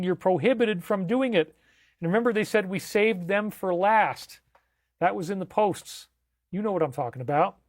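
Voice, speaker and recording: A man's voice: sits high, dry recording, clean studio sound. A man hosting a livestream, talking in an emphatic, incredulous way and repeating himself for effect. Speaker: livestream host. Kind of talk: livestream commentary.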